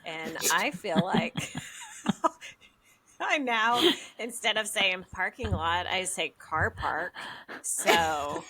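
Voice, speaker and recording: A woman's voice: lowish voice, animated, drawn-out words, pushed and bright. A middle-aged woman co-hosting a podcast in casual chat, bubbly and laughing often. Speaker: podcast co-host.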